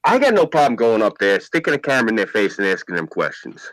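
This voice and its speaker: A man with a thick New York accent spins profane stories on a livestream. His voice rises and falls a lot, with a bright, pushing edge. The sound is dry and close. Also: fairly low pitch, big pitch swings, quick pace, no room sound, poor audio. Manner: profane, storytelling. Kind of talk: casual livestream chat.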